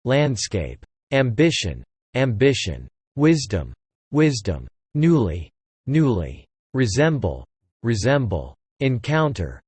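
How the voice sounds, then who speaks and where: Slow, husky man reading word lists. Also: medium pitch, dry recording. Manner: says each word twice, slow and measured. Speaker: vocabulary reader.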